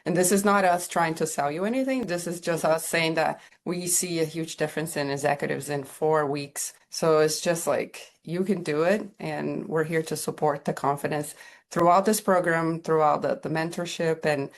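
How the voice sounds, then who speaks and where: A woman with a foreign accent in English hosts a group mentorship call, her voice sitting low. She talks informally and loosely, checking in with the group by asking "right?" and leaning on "like" as she goes. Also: normal speed. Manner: informal, many "like" and "right?" fillers. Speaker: program host. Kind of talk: casual group talk. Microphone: video call.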